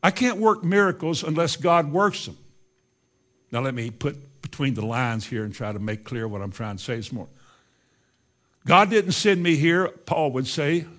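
An older man preaching a sermon in a folksy, emphatic way, moving from quiet asides to loud insistence. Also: mid-range voice, expressive, normal speed.

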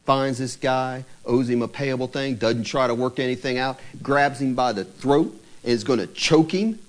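A married man preaching a sermon in an animated way, asking many rhetorical questions and retelling scripture. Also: a little high. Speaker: pastor.

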